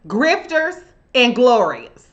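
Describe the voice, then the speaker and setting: A sassy, high-voiced woman hosting a live show rants through a profane political commentary monologue, emphatic and loose. Her delivery is sing-song and slow, and the recording has its highs cut off.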